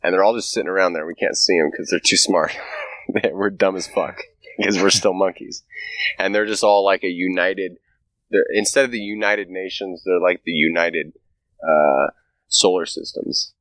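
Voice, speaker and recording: Brief: very deep-voiced male podcast host, profane and ranting, dry close sound. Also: steady tone, normal speed, fairly bright tone, no echo. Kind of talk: casual chat.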